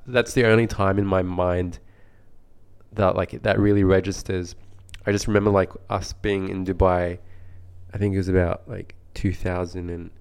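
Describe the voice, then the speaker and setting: A man's voice: sits low, smooth. A young Australian man co-hosting a podcast in casual chat, rambling with lots of "like" fillers, slightly under the weather with a flu. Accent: neutral Australian. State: recovering from the flu. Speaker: podcast co-host.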